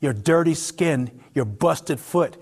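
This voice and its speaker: A man narrating a story in the second person, in an expressive, intimate, vivid way. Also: on the high side, slow pace, slightly rough.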